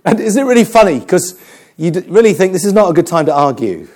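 A man preaching a sermon, telling stories with jokes and an animated delivery. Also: high voice, fast. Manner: animated, joking storyteller.

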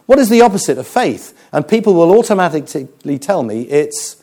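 A man preaching a sermon, moving between humour and hushed, serious storytelling. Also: on the high side, a little fast, heavy background noise. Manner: animated, humorous preaching with dramatic quiet passages.

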